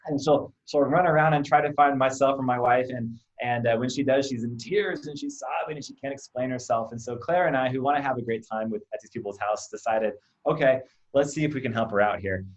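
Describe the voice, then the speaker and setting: A man in his thirties speaking in a relaxed interview, walking through a family example step by step. His voice sits in an ordinary middle range, and he slips into brief acted-out lines of dialogue before checking in with the listener. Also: medium pitch, brisk, hardly any pauses, highs cut off. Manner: explains with lively acted-out examples and repeated "right?". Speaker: behavior analyst, clinic co-owner. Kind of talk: casual interview talk.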